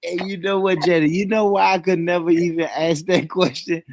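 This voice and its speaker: A man's voice: high voice, fairly even intonation, fairly quick. A man co-hosting a casual livestream chat, laid-back and laughing, dropping frequent "yeah"s. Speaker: livestream co-host.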